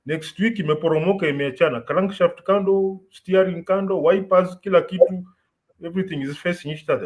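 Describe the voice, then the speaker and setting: A man's voice: high-pitched, fairly quick, low-quality recording. A Kenyan man in casual, opinionated podcast chat, switching between English and Swahili as he tells stories. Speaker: podcast host.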